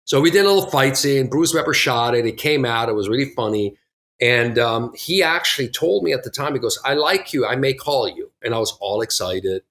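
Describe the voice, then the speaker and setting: A middle-aged man recounts his early career in a relaxed interview. He tells it animatedly, slipping into other people's lines as he goes, with an easy, casual delivery. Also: mid-range voice, a little fast. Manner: animated, acts out quotes from others, laughs often. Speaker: podcast guest, actor.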